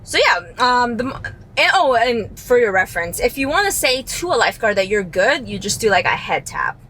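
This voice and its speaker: Woman, casual car-podcast host, sharp bright tone, animated storyteller, faint background noise. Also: a little high, a little fast. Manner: animated storytelling, laughing often. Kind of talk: casual chat. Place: inside a moving car.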